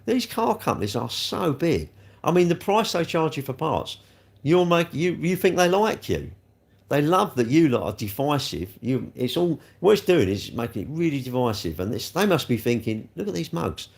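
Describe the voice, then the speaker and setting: A man's voice: a little high, very animated, moderate pace, gravelly. A man, a car dealer hosting a casual livestream, ranting in an exasperated, rambling way and firing rhetorical questions at his viewers.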